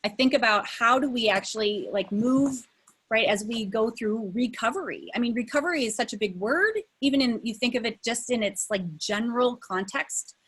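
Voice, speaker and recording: A woman's voice: a little high, fairly bright tone, slightly rough. A woman coach giving a conversational webinar presentation over a video call, with many fillers and some emphasis. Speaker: leadership coach.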